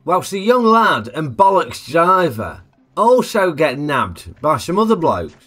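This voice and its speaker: A man's voice: fairly high pitch, sing-song, unhurried, over music. A man giving a chatty, jokey film review full of tag questions. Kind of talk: casual film review narration.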